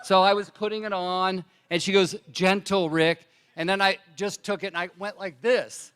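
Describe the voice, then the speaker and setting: A man on a conference stage telling a lively product story into a handheld mic, acting out other people's lines. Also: sits high, normal speed, clear, resonant tone. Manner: animated storyteller, acts out his wife's lines. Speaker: distributor sharing product testimonial. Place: large conference hall on stage.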